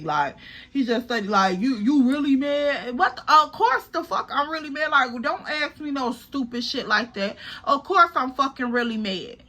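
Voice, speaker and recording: A young adult woman telling a personal story to her viewers in an animated, sassy, profane way, calling them "girl" and "y'all". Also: on the high side.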